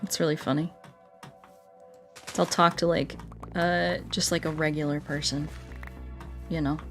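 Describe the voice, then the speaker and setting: A woman's voice: low voice, level tone, measured pace, vocal fry. A woman from the United States with an American accent, chatting casually and playfully while streaming a game. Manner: chatty, playful, laughs often, talks to chat and animals. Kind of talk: casual gaming chat. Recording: faint music behind.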